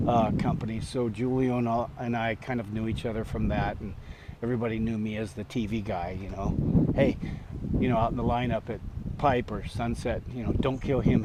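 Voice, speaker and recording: Older guy in his 60s rambling thru a story outside, lots of ums, chuckles, street noise behind him. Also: medium pitch. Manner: rambling, chuckling, with frequent fillers and restarts. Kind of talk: casual spoken storytelling.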